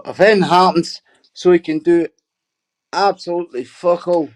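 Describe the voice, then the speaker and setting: A man's voice: high voice, moderate pace, darkish tone. A middle-aged man hosting a casual livestream, reading out viewer comments and answering them with sweary, mocking banter.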